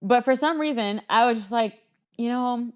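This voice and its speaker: A woman's voice: fairly high pitch, moderate pace. A woman co-hosting a podcast in casual chat, talking in a chatty storytelling way and laughing often. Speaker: podcast co-host.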